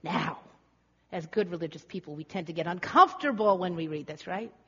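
A woman's voice: on the low side, a little fast, pushed and bright, breathy edge. A woman preacher giving a dramatic, rhetorical sermon with building emphasis. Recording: echoey hall, slightly dull.

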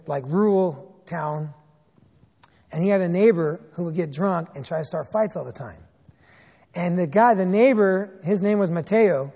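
High-voiced preacher in a reverberant hall. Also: male voice. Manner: animated storytelling with sarcastic asides. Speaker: pastor. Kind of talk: sermon.

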